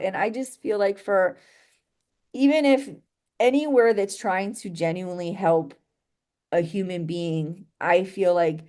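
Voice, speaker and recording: A woman's voice: medium pitch, measured pace, darkish tone. A young adult woman telling a painful personal story in an interview, rambling and full of "like" and "you know" as she restarts her sentences.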